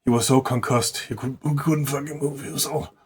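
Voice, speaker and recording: A man's voice: mid-range voice, steady tone, brisk, darkish tone, slight background noise. A man improvising a rambling, profanity-laced story in a casual way, often restarting words.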